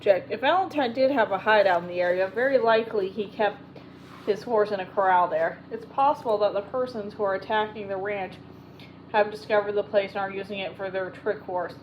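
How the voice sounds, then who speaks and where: A woman voicing a capable, cheerful young female sleuth who speaks in a brisk, practical way. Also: mid-range voice, lo-fi sound, slight background noise, lightly acted.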